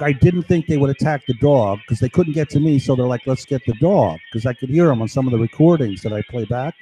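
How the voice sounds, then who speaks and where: A man's voice: on the high side, warm tone, slight background noise, low-quality recording. A man telling a long, agitated story on a live stream, swearing often and tagging his sentences with "right?". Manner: agitated, profane, keeps asking "right?". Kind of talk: rambling monologue.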